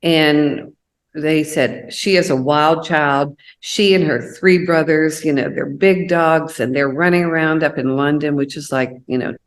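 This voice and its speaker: A woman's voice: deep voice, unhurried. A woman telling personal stories in a casual chat, acting out the voices of the people she quotes. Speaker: co-host.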